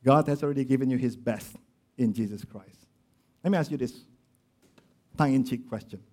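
A man preaching a sermon, building to loud emphatic lines and then dropping low and quiet to stress a point. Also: moderate pace, husky. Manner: acts out quoted voices of grumblers and of Jesus. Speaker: pastor.

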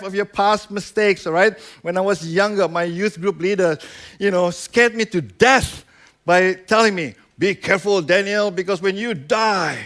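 High-voiced man preaching conversationally. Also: fairly bright tone. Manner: conversational preaching with frequent "right?" and "you know"; acts out quoted voices. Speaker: pastor. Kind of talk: sermon.

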